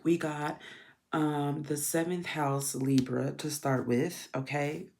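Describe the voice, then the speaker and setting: A woman's voice: low-pitched, steady tone, takes it slowly, creaky, a little mellow, slight background noise. A woman with a stuffy, congested voice giving a casual card reading, rambling with frequent ums while she shuffles cards. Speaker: tarot and astrology reader.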